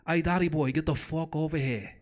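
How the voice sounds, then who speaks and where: A man's voice: fairly high pitch, fairly even intonation, a little fast, voice pushed up, close to an everyday voice. Guy doing a bossy little toddler girl w a bad fake irish accent, crude and demanding. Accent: mock Irish, put on badly.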